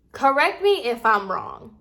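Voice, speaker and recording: A young woman recounting a story to her vlog audience, her voice bright and fairly high. She talks casually and gets animated and exasperated as she acts out both sides of the conversation. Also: creaky. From Puerto Rican heritage. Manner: animated, exasperated retelling, acting out quotes. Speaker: vlogger.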